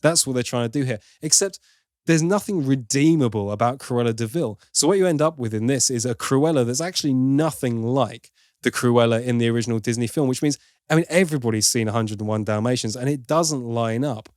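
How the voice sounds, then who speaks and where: A man's voice: mid-range voice, brisk, a little mellow, dry recording, studio quality. A man hosting a film review podcast, giving opinionated, wry critique in casual chat with plenty of asides.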